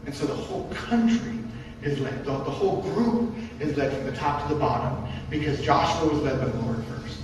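A man's voice: on the high side, moderate pace, a crowd in the background. A man preaching a sermon in a church, emphatic and repetitive, posing rhetorical questions to the congregation. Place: church sanctuary. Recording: distant mic in an echoey church hall.

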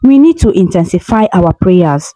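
A woman voicing a loving mother who speaks in a gentle, reassuring way. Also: lowish voice, lively intonation, moderate pace, faint music behind, natural voice, poor audio. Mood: comforting.

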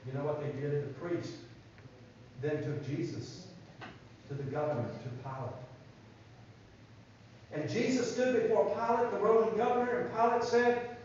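A man giving a children's sermon in a church, telling a Bible story in an animated way and asking the kids questions. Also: high voice, normal speed, long pauses, a little hiss or hum. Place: church sanctuary. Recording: echoey church from far off, dull sound.

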